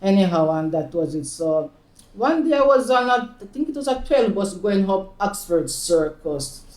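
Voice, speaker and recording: Woman, Jamaican accent, fifties, chatty storyteller, laughs often, mid pitch, roomy echo. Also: very animated, moderate pace, a little mellow. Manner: laughs often, slips into patois. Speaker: oral history interviewee. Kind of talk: personal storytelling. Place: community centre room. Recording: echoey room.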